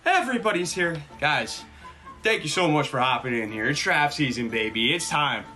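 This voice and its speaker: A man hosting a live stream, excited and out of breath, thanking chat by name and swinging between loud cheers and low mutters. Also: normal speed, faint music behind.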